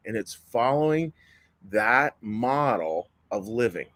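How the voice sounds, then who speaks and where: A man's voice: medium pitch, expressive, unhurried, no room sound, low-quality recording. A man in his fifties giving a sermon as a pastor, in a folksy manner with frequent restarts and repeated words. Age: 50s.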